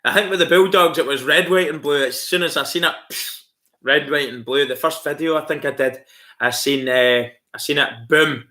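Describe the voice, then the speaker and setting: A man's voice: fairly high pitch, moderate pace, sharp tone. A man hosting a casual live stream, chatty and rambling with lots of fillers. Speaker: livestream host.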